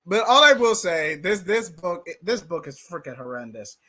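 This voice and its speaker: A man's voice: sits high, sing-song, moderate pace, pushed and bright. A man co-hosting a casual live stream, ranting about a comic with exaggerated mock-anguish. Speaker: co-host reviewing comics.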